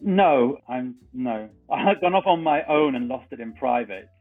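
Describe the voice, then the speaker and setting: A man's voice: medium pitch, expressive, unhurried, faint music behind. A male doctor joining a casual chat as a guest, candid and self-mocking about his own quirks. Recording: tinny remote phone-like line.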